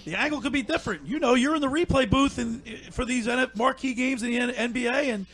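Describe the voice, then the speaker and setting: A man's voice: extremely high pitch, quick pace, a bit bright. A man hosting a sports radio show, asking loose, rambling questions. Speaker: radio host.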